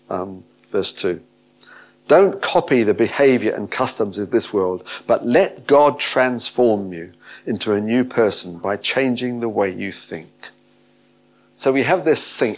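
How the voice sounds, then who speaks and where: Emphatic male preacher. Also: lowish voice. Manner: emphatic, rising to animated peaks. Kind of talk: sermon.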